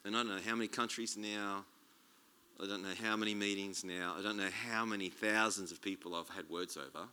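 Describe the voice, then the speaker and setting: A man preaching a sermon as a guest speaker, chatty and animated, joking and restarting his sentences. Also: lowish voice, fairly quick, smooth. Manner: animated, conversational, jokey preaching with many restarts.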